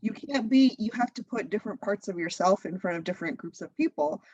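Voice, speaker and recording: A woman in her thirties, a guest chatting in a casual interview, lively and laughing often. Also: mid-range voice, fast, husky, no echo, lo-fi sound. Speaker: guest, content creator.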